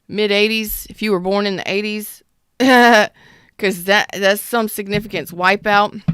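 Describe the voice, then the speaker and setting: A woman's voice: medium pitch, fairly bright tone, clear, resonant tone, dry recording, clean studio sound. A woman in her thirties giving a casual tarot reading, blunt and emphatic, swearing freely. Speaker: tarot reader.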